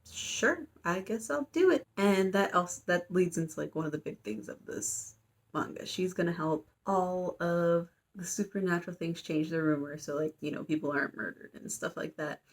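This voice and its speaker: A woman's voice: lowish voice, fairly even intonation, moderate pace. Chatty young woman rambling casually. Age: young adult. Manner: chatty, filler-heavy, playful quoting. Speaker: student vlogger.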